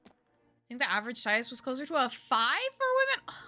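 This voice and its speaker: A woman's voice: fairly high pitch, huge pitch swings, quick pace, bright, forceful tone. A woman giving casual, jokey commentary while streaming a game, chatty with rambling asides. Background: game music.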